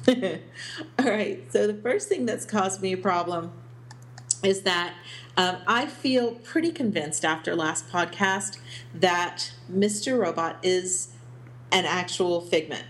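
A woman co-hosts a casual podcast chat about a TV series. She thinks aloud as she talks, filling pauses with ums and breaking into small laughs. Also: fairly low pitch, expressive. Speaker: podcast co-host.

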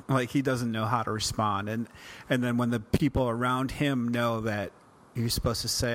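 A man's voice: medium pitch, steady tone, normal speed, fairly bright tone. A man co-hosting a casual TV recap podcast, rambling with many restarts. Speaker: podcast co-host.

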